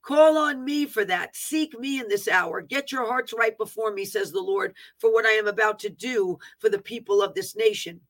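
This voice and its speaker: Fervent bright-voiced woman reading prophecy. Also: mid-range voice, normal speed, few pauses. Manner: fervent proclaiming, broken by plain asides on the written text. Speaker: prophetic minister. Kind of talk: reading a prophetic word aloud.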